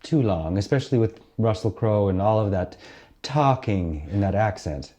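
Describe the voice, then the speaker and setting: A man's voice: on the low side, lively intonation, normal speed, mellow. A man co-hosting a casual film review chat, making dry, dismissive comments. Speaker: podcast co-host.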